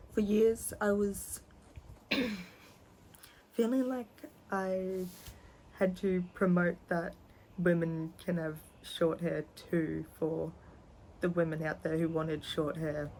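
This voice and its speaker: A young trans man talks through his past in a home vlog, candid and rambling. His delivery is slow and halting, with a gravelly fry running through it. A faint ambient hum sits behind the voice. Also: high-pitched, a little mellow, poor audio. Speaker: vlogger. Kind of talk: personal storytelling vlog.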